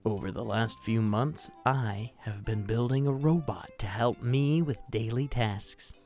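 Slow gravelly man hosting a podcast. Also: mid-range voice, darkish tone, soft background music. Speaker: podcast host. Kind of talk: scripted promo.

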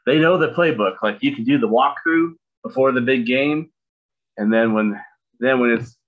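A middle-aged man co-hosting a podcast in casual chat, making dry jokes with halting fillers. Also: mid-range voice, phone-quality sound. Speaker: podcast co-host.

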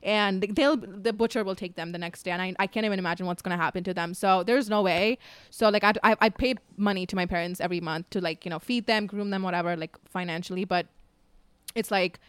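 A woman's voice: medium pitch, fairly even intonation, fast talker, clean tone, dry recording. A woman in her twenties chatting casually, full of fillers and the odd swear. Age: 20s. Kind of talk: casual chat.

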